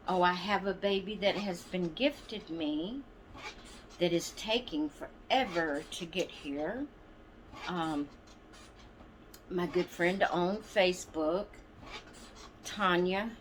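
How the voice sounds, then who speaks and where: A woman runs a doll channel, rambling casually to her viewers with plenty of ums and side comments. Her voice sits on the low side, and there's a little hiss or hum in the recording.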